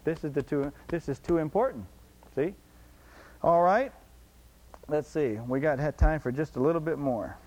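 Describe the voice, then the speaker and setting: A man's voice: on the high side, normal speed, long pauses, darkish tone, rough recording. A man preaching a sermon emphatically, repeating his points and asking the congregation rhetorical questions.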